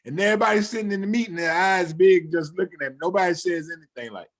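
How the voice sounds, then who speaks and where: High-voiced man telling animated stories. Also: quick pace. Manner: animated storyteller acting out quoted dialogue. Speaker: guest, former football player and coach. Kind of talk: casual storytelling chat.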